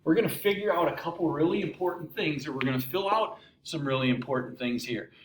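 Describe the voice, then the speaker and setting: Animated man lecturing in an echoey room. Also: on the high side, quick pace. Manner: animated, asks questions and answers them, playful asides. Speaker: math teacher. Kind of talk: recorded classroom lecture. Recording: echoey room with faint ambient noise.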